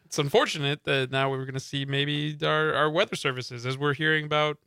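A man's voice: fairly high pitch, fairly even intonation, fairly quick, creaky, bright, forceful tone, clear, resonant tone, no room sound. A man who is a regular guest on a radio talk show, chatting casually with fillers and hesitations. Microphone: studio microphone.

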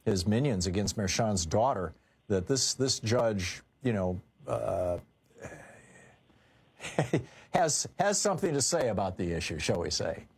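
Radio host, husky voice, chatty and opinionated, takes callers. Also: male voice, fairly low pitch, sing-song, unhurried, darkish tone. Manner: conversational, opinionated, many fillers. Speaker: radio talk show host. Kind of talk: call-in talk radio.

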